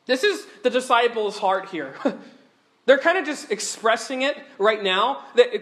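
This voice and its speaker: A man delivers a sermon in a notably high voice. He preaches with animated earnestness and often doubles back on his words as he talks. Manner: animated, earnest preaching with frequent word repeats.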